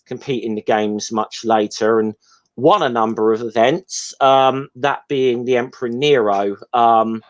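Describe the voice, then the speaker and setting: A man's voice: mid-range voice, steady tone, measured pace. Hesitant man rambling through commentary. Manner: hesitant, rambling, full of ums. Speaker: podcast co-host. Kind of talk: casual film commentary chat.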